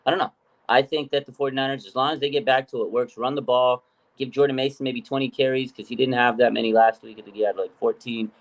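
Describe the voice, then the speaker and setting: A man's voice: mid-range voice, fairly even intonation, quick pace. A man hosting a casual sports podcast, rambling through his points with lots of fillers. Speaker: podcast host.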